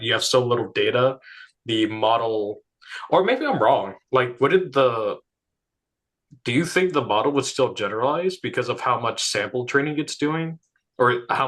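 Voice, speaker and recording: A man's voice: mid-range voice, a bit bright. A man in a casual technical discussion who thinks aloud, hedging and leaning on filler words. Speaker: discussion participant.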